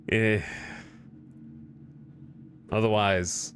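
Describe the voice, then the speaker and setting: A man giving live gameplay commentary to his chat, clearing his throat often after choking. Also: medium pitch, measured pace, long pauses, fairly bright tone, a little hiss or hum. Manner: talks to chat while playing, with frequent throat clearing. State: choking and coughing. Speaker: streamer.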